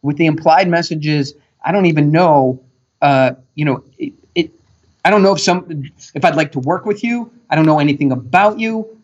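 A man guest on a talk show, telling stories and acting out what people said in a lively, animated way. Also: fairly high pitch, normal speed. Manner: animated storyteller, acts out quotes. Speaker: podcast guest expert. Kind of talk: casual interview talk. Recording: dull lo-fi sound.

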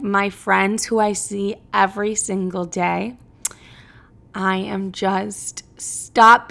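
Candid young woman with vocal fry. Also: mid-range voice, a bit bright. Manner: candid, rambling, swears freely. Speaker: podcast host. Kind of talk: casual solo podcast chat. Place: empty apartment.

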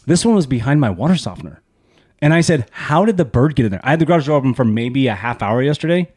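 A man co-hosting a podcast, telling stories in casual chat, profane and animated. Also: medium pitch, breathy edge. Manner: fast, profane, animated storytelling. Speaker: podcast co-host.

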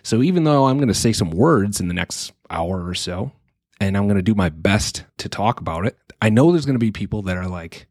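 A man in his thirties talks alone into a close microphone, with a fairly low voice. He muses earnestly and thinks aloud, often restarting his sentences. The sound is dry, with no room echo. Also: expressive, a little fast, a little mellow. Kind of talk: reflective solo monologue.

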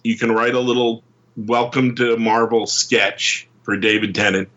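A man from England, a comic book writer telling rambling, excitable anecdotes as an interview guest, full of restarts, in a muffled lo-fi recording. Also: mid-range voice, a little slow. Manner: rambling, excitable, many restarts and fillers, acts out quotes.

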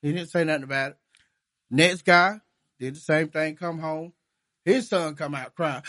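A man tells jokes in a laid-back chat. His voice sits high and bright, and he laughs his way through each punchline. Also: normal speed, pauses often. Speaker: podcast co-host. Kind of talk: casual joke-telling chat.

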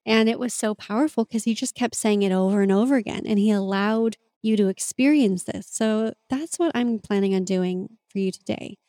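A woman's voice: mid-range voice, normal speed, hardly any pauses, dark tone, no echo. A woman hosting a podcast, talking in an earnest, open and confessional way in a reflective monologue. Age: adult parent. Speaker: podcast host and mentor.

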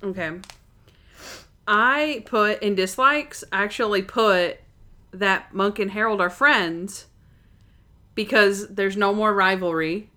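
A woman's voice: mid-range voice, slow, pauses often, bright, forceful tone. Chatty young woman recapping a show. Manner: chatty, lots of "like", acts out quotes. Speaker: podcast co-host. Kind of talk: casual chat recapping a TV episode.

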